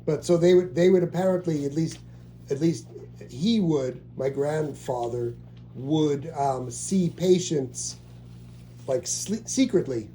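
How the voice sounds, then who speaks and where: A man's voice: fairly high pitch, slow pace, dark tone, a little hiss or hum. A middle-aged man in casual family conversation, asking about a relative and rambling through restarts and fillers.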